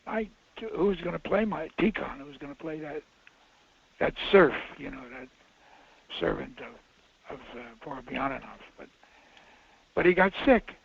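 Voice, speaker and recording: A man's voice: fairly high pitch, animated, normal speed, creaky, long pauses. An older man, a film director and guest, telling rambling anecdotes with restarts and emphatic bursts. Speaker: filmmaker guest. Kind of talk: casual anecdote. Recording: lo-fi audio.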